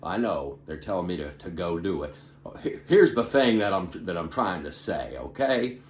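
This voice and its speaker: A male comedian doing an impression of a rambling, forgetful elderly male politician, stumbling over repeated words with sudden loud bursts. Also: sits low, expressive, moderate pace, echoey room, a little hiss or hum. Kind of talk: stand-up impression monologue.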